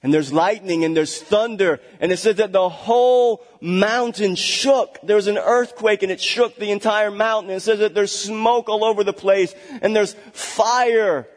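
A man's voice: sits high, moderate pace, few pauses, in a large hall. A man preaching a sermon as a pastor, emphatic and repeating key words for stress, with chatty asides. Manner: chatty asides with small laughs.

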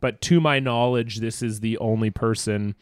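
A young man trades deadpan wisecracks as co-host of a casual sports comedy podcast. His voice sits at a middle pitch. It is recorded dry and close, with no room sound. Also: moderate pace, smooth, no room sound.

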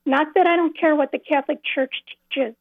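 A woman's voice: high-pitched, steady tone, no room sound. A woman calling in to a radio show, earnestly telling a personal story and repeating phrases as she goes. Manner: earnest, repeats phrases, slow and careful at key moments. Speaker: caller. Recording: tinny phone line.

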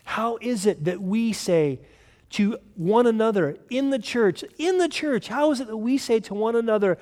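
A male pastor preaching a sermon with emphatic delivery, swinging from loud urgent lines to hushed ones. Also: high voice, moderate pace, long reverb tail.

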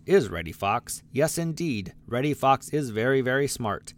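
A man narrating a children's storybook aloud, lively and expressive, giving the animals their own voices. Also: mid-range voice, normal speed. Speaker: audiobook narrator.

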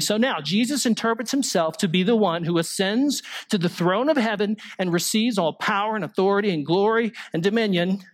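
A male pastor delivering a sermon, explaining scripture through rhetorical questions and the occasional small joke. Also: high voice.

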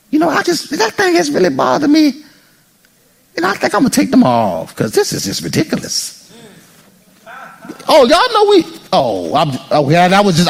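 A male pastor preaching an animated sermon, joking with the congregation and acting out people's inner voices. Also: very high-pitched, creaky. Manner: jokes and teases the congregation.

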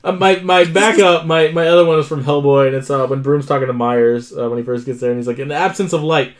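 A man of middle pitch talks through his movie picks in a casual chat. He hesitates often and fills his speech with ums and uhs. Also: fairly even intonation, fast talker. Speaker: podcast co-host.

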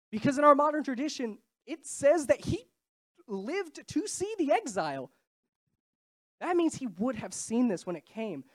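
A young woman giving a casual, chatty sermon, a bit stuffy and nasal from a cold, with quick self-deprecating asides. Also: fairly high pitch, a little mellow. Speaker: preacher.

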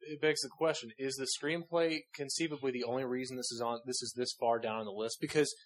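A man's voice: medium pitch, fairly even intonation, fast talker, rough recording. A man co-hosting a podcast, chatting casually about a film, wry, posing questions to steer the talk. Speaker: podcast co-host. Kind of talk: casual chat reviewing a film.

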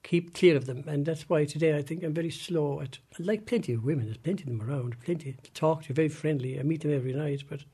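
An elderly Irish man with a husky, breathy voice that sits a touch high for his age. His tone is soft and mellow, and he talks in a halting, plain way, often trailing off mid-thought. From Ireland. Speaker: interviewee, former industrial school resident. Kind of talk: recorded interview recollection.

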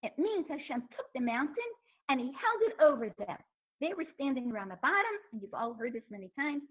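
A woman teaching a Torah lecture, animated and acting out the quotes she cites. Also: high-pitched, brisk. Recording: thin phone-like line.

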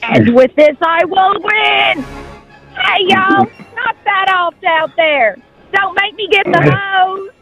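A woman playing a fussy old grandma who yells at kids to stop, as a game prompt. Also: very high voice, expressive, slow, over loud music, voice pushed up, full character voice. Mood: scolding. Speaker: game contestant. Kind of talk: playful impressions.

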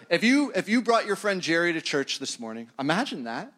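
A man's voice: sits high, very animated, moderate pace, a bit bright. Conversational pastor, a man preaching. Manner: conversational and self-deprecating, chuckles at his own tangents. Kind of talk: sermon.

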